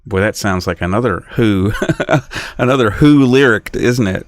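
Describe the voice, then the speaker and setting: A man's voice: on the low side, unhurried, no room sound. A middle-aged man rambling through a solo podcast monologue, often stopping and restarting, sounding aggrieved. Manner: rambling, self-interrupting, aggrieved. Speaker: podcast host.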